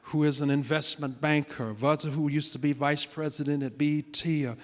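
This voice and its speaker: A pastor telling a personal story in a sermon, dramatic, shifting between loud declarations and hushed moments. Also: male voice, on the high side, steady tone, fairly quick. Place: large church sanctuary. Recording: long church hall reverb.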